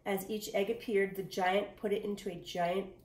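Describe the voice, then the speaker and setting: A woman reading a storybook aloud in an expressive way. She sometimes drops to a whisper and speaks directly to the listener. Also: medium pitch, normal speed, reverberant.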